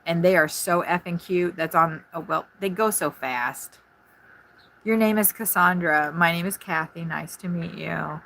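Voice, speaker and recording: A woman talks fast and scattered, hopping between thoughts while she streams from her RV. Her voice sits a little low, and it comes through a phone set on a tripod in a small camper. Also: creaky. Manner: fast, scattered, excitable chatter. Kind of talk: casual live-stream chat. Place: inside an RV at a campground.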